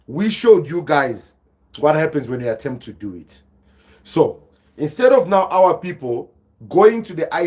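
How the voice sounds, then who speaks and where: A South African man hosting a livestream podcast, talking animatedly to his viewers and reading their chat. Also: medium pitch. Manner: animated, laughing, addresses viewers as guys. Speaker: podcast host.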